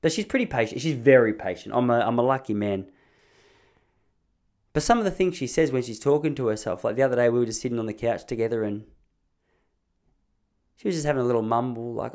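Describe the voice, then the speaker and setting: A man talks through a casual comedic podcast monologue from his home studio. He rambles and restarts his sentences as he pokes fun at himself. His voice sits at an ordinary middle pitch. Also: quick pace, long pauses, a little mellow. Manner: rambling, self-mocking storytelling with frequent restarts. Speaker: podcast host.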